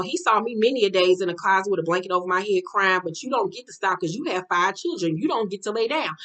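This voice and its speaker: A woman's voice: mid-range voice, sharp tone. A woman hosting a casual reality TV recap, blunt and profane, laughing and acting out the people she quotes. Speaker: reality show recap host.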